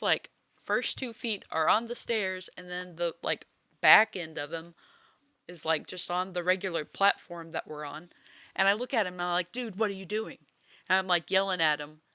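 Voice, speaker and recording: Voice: mid-range voice, bright, forceful tone, smooth, no echo. A podcast co-host telling a story in casual chat, laughing often and filling with "like". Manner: chatty storytelling with laughter, lots of "like".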